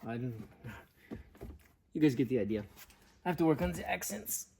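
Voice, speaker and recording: Gravelly, playful vlogger man. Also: mid-range voice, very animated, normal speed, warm tone, a little hiss or hum. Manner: playful, rambling, jokes about trying accents. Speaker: travel vlogger. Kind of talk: casual vlog chat.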